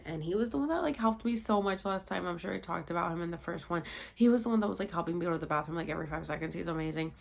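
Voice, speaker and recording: A woman's voice: lowish voice, creaky, slight background noise. A woman in her thirties casually telling a personal story, rambling with many fillers and sighs, sounding tired.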